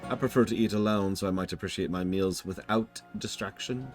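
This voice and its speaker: A cold, formal male captain from a video game, as a streamer reads him out in a low voice. He sounds measured and aloof and keeps his words clipped. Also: soft background music, lightly acted. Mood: stern.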